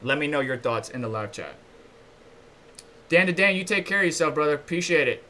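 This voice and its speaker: A man's voice: a little high, a little fast, bright, forceful tone. A man hosting a casual crypto news livestream, reading articles aloud and chatting loosely with viewers between them. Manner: chatty and loose, asides to viewers, reads articles then comments.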